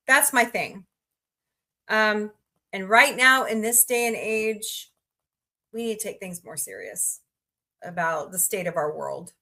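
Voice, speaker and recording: A woman's voice: mid-range voice, a little slow, pauses often, bright, forceful tone. A woman hosting a casual livestream, chatting, greeting viewers by name and rambling through asides. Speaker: livestream host.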